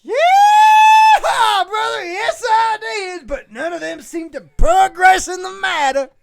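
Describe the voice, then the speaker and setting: A woman's voice: very high-pitched, expressive, takes it slowly, vocal fry, heavy background noise, pitched above the performer's own voice, exaggerated voice. Woman doing a hollering mock-Southern hillbilly cowgirl. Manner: whooping, shouting drawl. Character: rowdy yee-hawing hillbilly cowgirl alien princess. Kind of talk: comedic fan-fiction reading.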